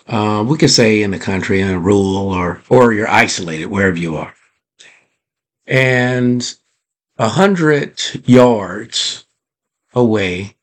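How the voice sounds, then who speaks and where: A man hosting a motivational podcast, telling a story in a drawn-out, deliberate way and putting rhetorical questions to his listeners. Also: mid-range voice. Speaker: podcast host.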